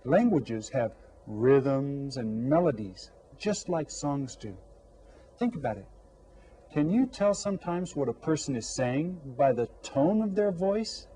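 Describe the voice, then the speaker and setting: A man with a mellow, darker voice leads a scripted Spanish lesson for young children. He speaks slowly and clearly, asks questions and leaves room for answers. There is a faint hiss in the background. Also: on the high side, poor audio. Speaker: elementary Spanish teacher.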